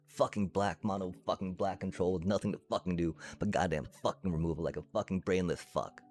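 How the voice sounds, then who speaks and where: A man's voice: low-pitched, steady tone, a little fast, darkish tone. A male streamer ranting to his chat, angry and profane, swearing through his frustration. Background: faint music.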